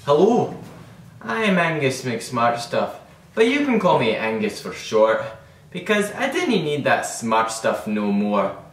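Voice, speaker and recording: A man's voice: mid-range voice, wildly swooping pitch, slow pace, soft background music. A man playing a rambling, boastful Scottish vlogger. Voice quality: rambling, self-important, stumbling. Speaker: comedy vlogger character. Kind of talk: comedic character monologue. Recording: echoey room, distant mic.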